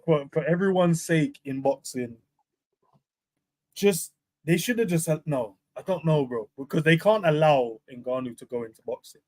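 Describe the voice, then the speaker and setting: A man co-hosting a casual sports podcast, relaxed and slangy, laughing often as he talks. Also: fairly high pitch, moderate pace. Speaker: podcast co-host. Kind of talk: casual chat.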